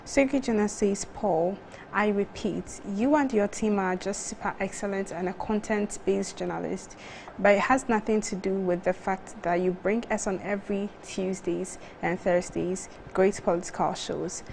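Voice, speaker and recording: A woman with a Ghanaian English accent, a TV co-presenter reading viewer messages aloud in a steady, matter-of-fact way. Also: mid-range voice, normal speed, gravelly, slight background noise. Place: TV studio.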